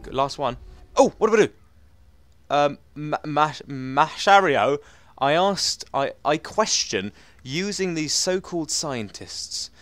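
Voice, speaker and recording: A man giving chatty, excitable let's play commentary, talking to himself as he plays. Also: a little high, slow pace, dry recording. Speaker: gaming commentator.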